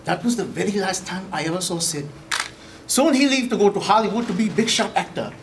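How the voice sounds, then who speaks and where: A man voicing an earnest immigrant dishwasher who tells his story in broken English, sometimes bursting out higher and louder. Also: lively intonation, fairly quick, noisy background. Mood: storytelling.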